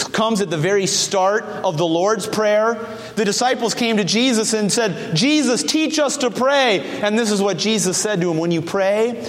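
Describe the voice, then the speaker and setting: Man, pastor, high voice, lively sermon, echoing church hall. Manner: animated preaching, acting out quoted voices.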